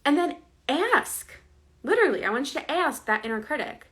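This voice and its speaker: A woman's voice: high voice, very animated, moderate pace, a bit bright. A woman coaching viewers in a casual, earnest, conversational way, often checking in with "right?". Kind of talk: casual direct-to-camera advice.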